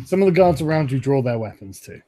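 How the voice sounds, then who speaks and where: A man with a medium-pitched voice acts as game master for a tabletop game. His narration is relaxed and halting, scattered with fillers.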